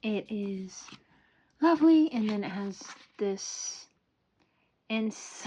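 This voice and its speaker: A woman's voice: medium pitch, slow, slightly rough. Giggly, gushing young woman book vlogger. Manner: excitable, gushing, giggly, rambling. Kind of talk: casual book collection showcase. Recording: noisy home recording.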